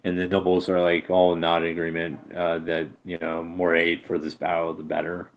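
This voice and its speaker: Deep-voiced game master, halting narration. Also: male voice, monotone, lo-fi sound. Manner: halting, many fillers.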